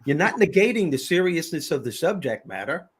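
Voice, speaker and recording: A middle-aged man with a New York accent hosts a casual panel chat. His voice is husky and sits fairly high. He tells stories in animated bursts and often restarts his sentences. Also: fairly quick. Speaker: host.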